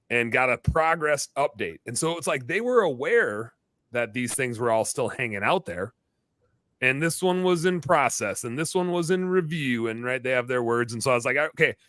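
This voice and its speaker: A male podcast host rambling through a story in a casual chat with lots of asides. His voice is forceful and bright, and it sounds close and dry with no room sound. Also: mid-range voice, no echo. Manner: rambling, chatty, full of asides and restarts.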